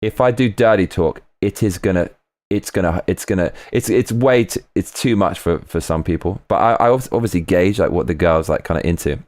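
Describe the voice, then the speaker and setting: A man hosting a livestream, reading viewer comments aloud and chatting in a rambling, animated way. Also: brisk, dry recording. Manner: rambling and animated, swinging pitch, frequent restarts. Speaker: livestream host.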